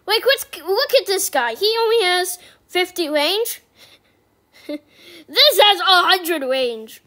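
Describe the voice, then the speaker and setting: A woman giving casual gameplay commentary as a YouTuber, talking through her choices and turning excitable when she gets lucky. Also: very high voice, slow. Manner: excitable, squealing with joy. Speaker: gaming YouTuber.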